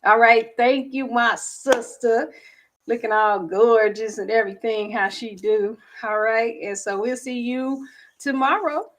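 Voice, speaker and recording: A woman's voice: fairly high pitch, steady tone, a little slow. A woman hosting an online info session in a casual, chatty way, laughing often and poking fun at herself. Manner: chatty, giggly, self-deprecating. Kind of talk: casual livestream chat.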